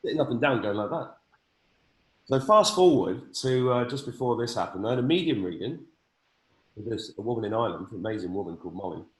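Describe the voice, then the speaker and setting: A man's voice: lowish voice, animated, quick pace, echoey room, rough recording. A man in his fifties hosting a casual conversation, speaking earnestly with stammering restarts. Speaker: host.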